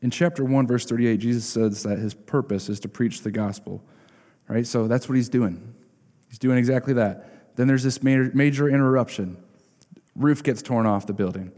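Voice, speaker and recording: In a dark, mellow, medium-pitched voice at normal speed, a male pastor delivers a sermon. His style is easygoing and conversational, punctuated by "right?", and each phrase rings out in the long reverb of a sanctuary.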